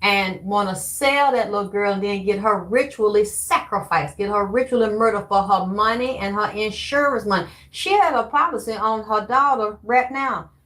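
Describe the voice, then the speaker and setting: A woman's voice: mid-range voice, normal speed, hardly any pauses, fairly bright tone. A woman vlogger talking in a rambling, emphatic, profane casual monologue.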